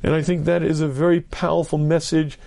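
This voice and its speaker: Brief: rabbi, lecture voice, gravelly and dark, emphatic. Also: male voice, a little high, flat delivery, brisk. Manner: earnest, emphatic, repeats key phrases; clears throat often. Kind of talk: Torah lecture.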